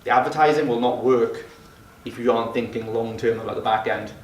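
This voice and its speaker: A man's voice: medium pitch, a little fast, slight background noise. A man leading a mastermind group for gym owners, talking in a brash and profane way. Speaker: fitness business mentor. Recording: roomy sound from a distant mic.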